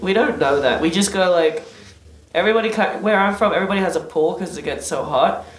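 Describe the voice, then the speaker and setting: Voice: mid-range voice, fast talker. A guest, chatting casually on a podcast and telling swear-laden stories with lots of animation. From Australia. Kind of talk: casual chat. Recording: roomy room echo.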